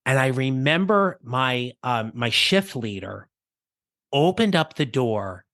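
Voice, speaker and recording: Man, podcast host, bright and clear tone, dry close-mic sound, reflective storytelling, casual restarts. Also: mid-range voice, expressive, slow, no echo. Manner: conversational, reflective, with small restarts. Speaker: podcast host and career coach. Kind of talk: personal storytelling monologue.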